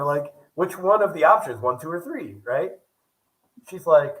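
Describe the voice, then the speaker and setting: A man's voice: on the high side, unhurried, rough recording. A young man vlogging casually, telling a story and acting out the other people's lines as he goes. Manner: animated, acts out quoted dialogue. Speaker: travel vlogger.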